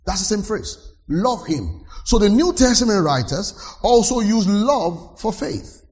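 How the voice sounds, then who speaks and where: Pastor preaching, kinda high voice that jumps around, repeats stuff for emphasis. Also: male voice, a little slow, highs cut off. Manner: preaching with lively rises and emphatic repetitions. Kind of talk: sermon.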